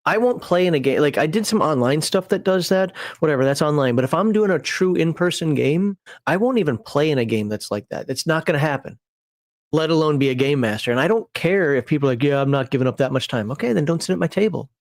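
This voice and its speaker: Male streamer and game master, casual rambling talk, a bit higher pitched, dry close sound. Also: animated, fast talker, no echo. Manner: rambling and digressive, chuckling at himself. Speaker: game master and channel host. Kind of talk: casual livestream chat building a character.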